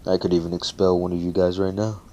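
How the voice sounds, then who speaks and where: A sleepy, gruff male teacher from a spoken fan story, voiced by a man as he narrates. He sounds dry and matter-of-fact, in a deep, low voice that stays close to the storyteller's own. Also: flat delivery, fast, dark tone, lo-fi sound, a little hiss or hum, natural voice.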